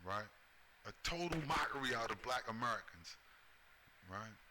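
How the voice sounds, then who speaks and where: Brief: male commentator, sharp bright tone, blunt profane ranting delivery. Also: medium pitch, lively intonation, moderate pace, slight background noise. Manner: profane, repeats "right?" as a tag. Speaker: commentary host.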